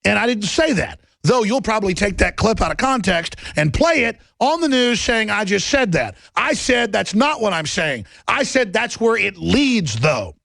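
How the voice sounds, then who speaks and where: Gravelly man ranting on talk radio. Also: high-pitched, very animated, moderate pace, hardly any pauses, dry recording. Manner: sarcastic, mocking, bursts into shouting. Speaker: radio talk show host.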